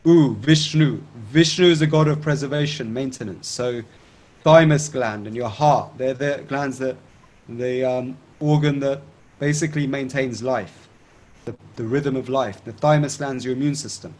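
A man teaching breathing techniques step by step, calmly checking in with his listener and chanting tones to demonstrate. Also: mid-range voice, moderate pace. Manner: calm instructive, checks in with "okay?". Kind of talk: guided breathing instruction.

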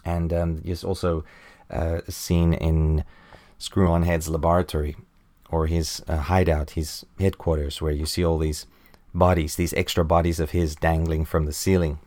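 A man with a low voice talks through a comic book in a relaxed podcast chat. He laughs now and then and jumps into high, squeaky put-on voices whenever he reads a character's lines. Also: moderate pace. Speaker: podcast host. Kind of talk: casual comic book review.

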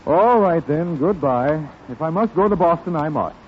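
A man's voice: on the high side, animated, normal speed, close to an everyday voice. A man playing a meek, put-upon husband in a 1930s radio comedy sketch, protesting in a bewildered way, on a dull, crackly broadcast recording.

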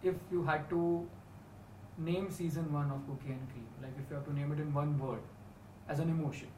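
A man's voice: on the high side, fairly even intonation, a little fast, a little mellow, distant mic. A man interviewing a podcast couple, asking brief, polite questions. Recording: roomy, off-mic with faint noise.

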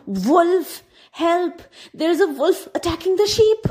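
A woman's voice: takes it slowly, heavily acted. A woman voicing a mischievous young shepherd boy crying for help in a storybook reading. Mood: shouting. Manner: shouting, high and excited.

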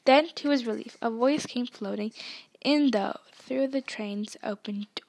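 A woman reading a novel aloud with expressive storytelling. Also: on the high side, unhurried, vocal fry. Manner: expressive storytelling, doing character voices. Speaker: audiobook reader.

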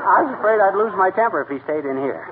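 An actor playing a blustering, boastful small-town husband who stammers when flustered, in 1940s radio comedy acting on a tinny, hissy old broadcast. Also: male voice, sits high, expressive, fast. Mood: bragging.

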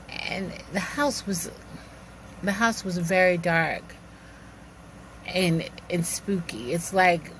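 A woman telling a personal story in a lively, animated way, acting out the dialogue and laughing now and then. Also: medium pitch, slight background noise.

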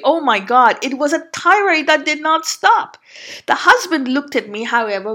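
A woman's voice: sits high, big pitch swings, normal speed, a bit bright. A woman telling a personal story in an earnest, emphatic monologue, sometimes restarting her sentences. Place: Canada.

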